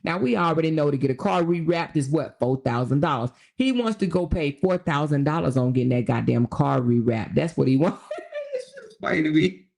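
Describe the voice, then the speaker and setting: A woman's voice: low voice, lively intonation, fairly quick, gravelly, a little mellow. A woman hosting a casual livestream, laughing often and mocking as she talks straight to her viewers. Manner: does sums and reads aloud while talking. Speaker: livestream host.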